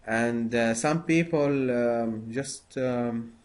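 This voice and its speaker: Male interviewer, very slow and halting, lots of "uh". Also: medium pitch, smooth. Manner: halting, many pauses and fillers. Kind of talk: conversational interview.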